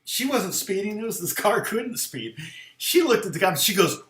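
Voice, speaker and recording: A man's voice: high-pitched, big pitch swings, normal speed, a bit bright, roomy sound. A middle-aged man, a guitar teacher, telling rambling, chuckling anecdotes in casual conversation. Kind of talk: casual storytelling.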